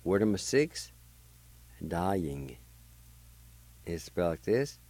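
A man's voice: low-pitched, very animated, slow, a little mellow, poor audio. A man teaching a language lesson on the radio, patiently spelling words letter by letter and sounding them out.

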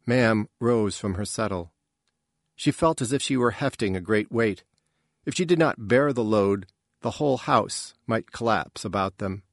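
A man reading a novel aloud in a measured, even storytelling manner. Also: fairly low pitch, no room sound, clean studio sound. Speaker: narrator. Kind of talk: scripted narration.

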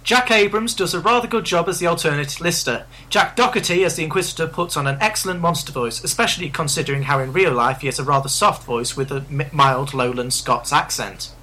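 A man co-hosting a podcast, reading listener feedback aloud in an even, careful way, with faint noise behind. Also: fairly high pitch, fairly quick, hardly any pauses. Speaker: podcast co-host.

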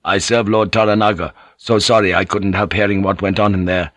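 A man voicing a brisk, stern samurai guard with curt politeness in an audiobook reading. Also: lowish voice, steady tone, a bit bright, no room sound, clean studio sound.

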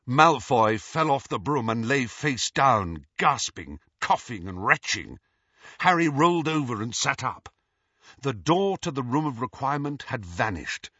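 A man giving a dramatic, expressive audiobook narration. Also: medium pitch, no echo, muffled recording. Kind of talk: scripted narration.

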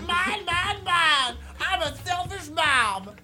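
A man's voice: extremely high pitch, animated, takes it slowly, music in the background, pitched above the performer's own voice, exaggerated voice. A man imitating a selfish mother with a squealing, shrieking voice. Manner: screeching, shouting, squealing. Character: shrill selfish middle-aged mother yelling.

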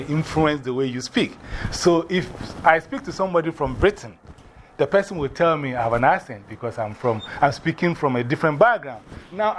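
A man with an African accent teaching a class, animated and often putting questions to the students. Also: fairly high pitch, a little hiss or hum.

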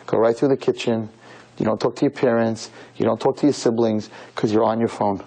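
In a low-quality recording, a man with a warm voice lectures girls as a rabbi in sermon style. He's emphatic and preachy, repeating himself and asking rhetorical questions, his pitch swinging widely and rising high on key points.

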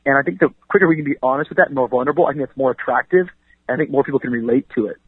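Male pastor guest, rapid-fire and energetic, slightly husky, heard down a dry phone line. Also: medium pitch, dry recording. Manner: energetic, preachy, says 'you know what I mean' often. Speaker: pastor and author, interview guest. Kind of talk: conversational radio interview.

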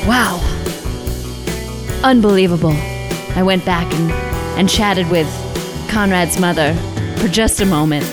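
A woman's voice: fairly low pitch, unhurried, pauses often, music in the background. A woman doing a teasing comedy interview in an improvised sketch.

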